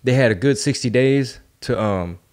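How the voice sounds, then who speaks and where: A man's voice: medium pitch, moderate pace, darkish tone. A man hosting a podcast in casual chat, ranting with heated rhetorical questions and loose street slang. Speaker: podcast host.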